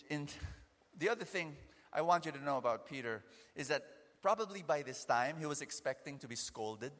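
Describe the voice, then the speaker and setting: A man preaching a sermon, animated, acting out scenes and often restarting his sentences. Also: a little high, in a large hall.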